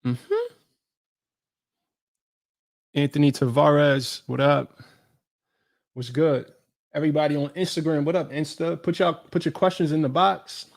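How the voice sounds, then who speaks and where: A New York fitness creator hosts a casual live Q&A stream, speaking loosely in slang and greeting viewers by name. His voice is a little high with vocal fry, a steady tone and a moderate pace.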